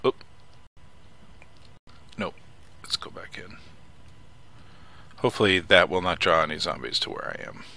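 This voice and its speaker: A man's voice: low-pitched, expressive, measured pace, vocal fry, long pauses, bright, forceful tone, in a whisper. A man casually commenting as he plays a survival game, chatty, muttering to himself and swearing when something startles him. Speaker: let's play host.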